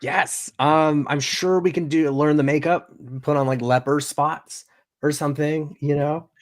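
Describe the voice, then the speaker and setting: A man's voice: a little high, fairly even intonation, unhurried. A man co-hosting a live pop culture show, dropping dry quips and then reading out the news. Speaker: co-host.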